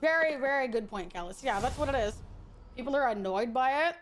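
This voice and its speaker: High-voiced, blunt woman streamer. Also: lively intonation, fairly quick, slight background noise. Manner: blunt, profane and opinionated. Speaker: VTuber streamer. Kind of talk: casual chat while gaming.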